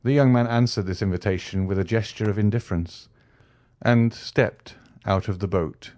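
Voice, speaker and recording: A man narrating an audiobook of a classic novel in a measured, even storytelling manner. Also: on the low side, dry recording. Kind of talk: scripted narration.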